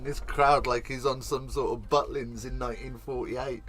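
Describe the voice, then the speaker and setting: A man hosting a live watch-along commentary, chatty and excitable, swearing casually. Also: medium pitch, normal speed, few pauses. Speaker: host.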